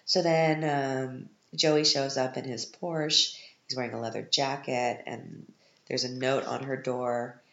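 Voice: medium pitch, steady tone, takes it slowly, vocal fry, a bit bright, reverberant, highs cut off. A podcast host giving a casual, sarcastic recap of a film, sounding exasperated with it.

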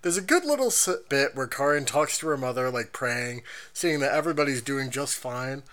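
Bright, lively anime podcast host. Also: medium pitch, normal speed. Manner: lively, expressive, reads out episode summaries. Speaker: podcast host reading chat. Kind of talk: casual anime recap chat.

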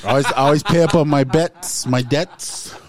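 A man's voice: on the high side, steady tone, moderate pace, a little mellow. A man co-hosting a casual talk show, joking around and breaking into song now and then. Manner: jokey, bursts into song. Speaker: podcast co-host. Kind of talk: casual chat.

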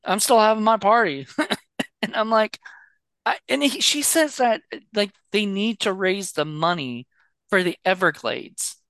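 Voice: mid-range voice, a little slow, fairly bright tone, no echo. A podcast co-host chatting casually about a movie, rambling with many fillers and restarts. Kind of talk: casual movie-review chat.

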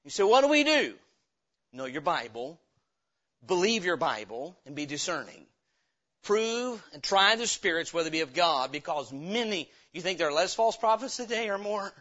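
A man preaching in a high, bright voice, pressing his points hard and tossing questions out to the congregation. The recording is dull and lo-fi, like an old church tape. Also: animated, moderate pace. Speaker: pastor. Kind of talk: sermon, Bible teaching.

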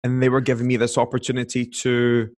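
A man's voice: medium pitch, monotone, a little fast, a little mellow. A young man, a guest telling a long personal story in a casual chat, full of fillers and acted-out quotes. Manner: chatty, filler-heavy, acts out quoted voices.

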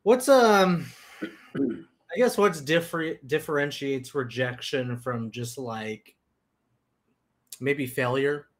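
A man's voice: mid-range voice, slow, pauses often. A man hosting a casual podcast chat, loose and joking as he keeps the talk moving. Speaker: podcast host.

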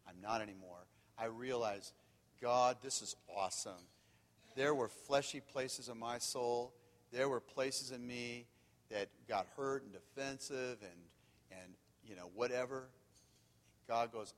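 A man preaching, telling candid stories that swing from loud and animated to quiet and hushed. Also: mid-range voice, a little slow. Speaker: pastor. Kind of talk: sermon. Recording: long hall reverb.

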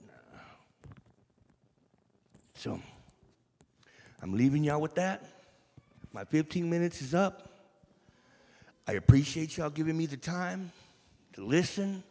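A man giving an animated inspirational church talk, building emphatic points to a congregation. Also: a little high, vocal fry. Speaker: church speaker. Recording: long reverb of a large hall.

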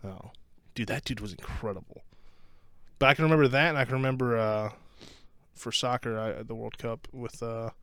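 A young man co-hosting a casual sports podcast, excitable and swearing freely. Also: mid-range voice, clear, resonant tone, dry recording, studio quality. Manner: excitable, swears, quick back-and-forth. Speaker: podcast co-host.

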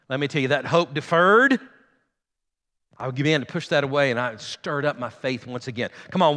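Pastor, middle-aged man, bright voice, congregation call-outs, long church echo. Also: fairly high pitch. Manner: calls out to the congregation, humorous storytelling. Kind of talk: sermon. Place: large church sanctuary. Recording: long hall reverb.

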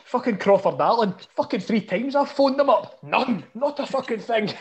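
A man's voice: extremely high pitch, expressive, very fast, echoey room, dull audio, voice pushed up. A man imitating a furious, swearing football manager in the middle of a rant. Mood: raging. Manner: sweary, shouting complaints.

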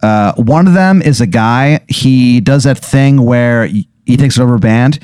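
A man on a comedy podcast, telling a wild improvised story at a mid-range pitch. He rambles through it, piling on "like" and "uh" and plenty of swearing. His voice is close and dry, with no room around it. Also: measured pace, a little mellow, clear, resonant tone, no room sound. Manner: rambling delivery full of fillers and profanity. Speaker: podcast guest.

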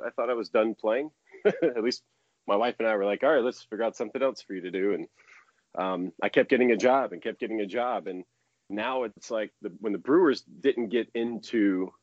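A man in his thirties, a baseball pitcher from the United States, chatting as a guest in a casual interview, rambling and laughing often. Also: normal speed, dry recording, lo-fi sound.

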